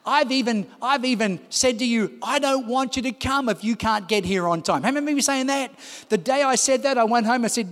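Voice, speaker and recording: A man's voice: extremely high pitch, a little fast, a bit bright. A man preaching a sermon as pastor, pressing his congregation with repeated calls to listen. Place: large church hall. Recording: long hall reverb.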